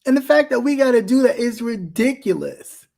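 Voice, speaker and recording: A man's voice: extremely high pitch, expressive, moderate pace, vocal fry, darkish tone. A man hosting a talk show, giving impassioned commentary and often restarting his sentences as he presses a point. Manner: emphatic, with many repeated restarts.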